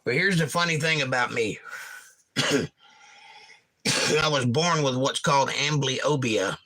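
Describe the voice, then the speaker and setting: A man's voice: mid-range voice, a little slow, sharp tone. A middle-aged man hosting a casual livestream, reading viewer comments aloud and joking about them. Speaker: livestream host reading chat.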